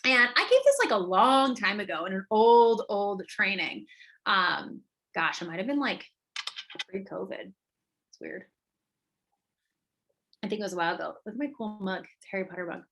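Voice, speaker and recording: Bright-voiced, emphatic woman coach. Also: mid-range voice, moderate pace, pauses often. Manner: emphatic, energetic, tag questions. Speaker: online business coach. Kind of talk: live coaching training.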